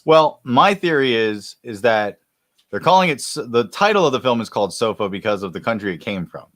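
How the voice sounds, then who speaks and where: A man's voice: medium pitch, very animated, a little fast, a bit bright, no room sound. A man co-hosting a podcast, chatting casually with rambling, profane jokes. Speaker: podcast co-host. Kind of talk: casual comedic chat.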